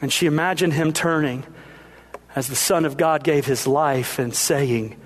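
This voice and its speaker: A man with a notably high-pitched voice preaching a sermon. He tells a story in an earnest, heartfelt way and speaks directly to his listeners. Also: a little slow. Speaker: pastor.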